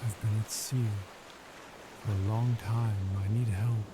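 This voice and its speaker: A man voicing a weary, humble shipwrecked hero who speaks quietly and haltingly, in a low, slow voice. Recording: steady ambient background noise.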